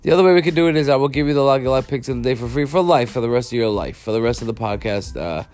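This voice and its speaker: Frustrated and swearing, a male sports betting podcast host with a congested nose reacts to a game and delivers an apology monologue live. He sounds animated and races along in a mid-range, darkish voice over soft background music.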